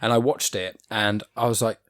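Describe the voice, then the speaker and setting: An English man hosting a podcast, chatting in a relaxed, rambling way and laughing easily. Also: on the low side, normal speed, no room sound, studio quality. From England. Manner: easygoing, laughs often, rambling. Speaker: podcast host. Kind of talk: casual podcast chat.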